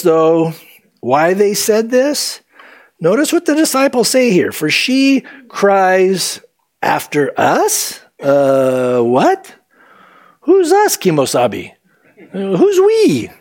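A man preaching a sermon as pastor, animated and acting out the voices he quotes. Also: high voice.

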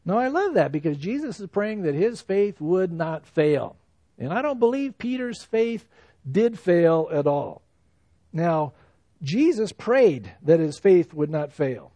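Male pastor, high and lively voice, conversational Bible teaching, dry close sound. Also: a little slow, no echo. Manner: animated, conversational preaching with emphatic rises. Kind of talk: expository Bible sermon.

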